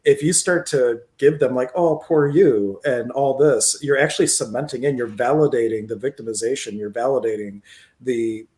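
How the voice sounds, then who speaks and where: Calm man explaining energy healing. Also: mid-range voice, moderate pace. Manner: calm explainer who uses spiritual terms. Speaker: co-host, energy healer. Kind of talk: casual livestream conversation.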